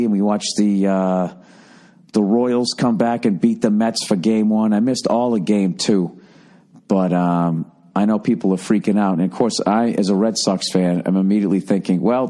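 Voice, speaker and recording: A man in his forties hosting a podcast alone, rambling through a comic story with heavy swearing and sudden shrill put-on voices for the people he quotes. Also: warm tone. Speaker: podcast host. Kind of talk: rambling comedic monologue.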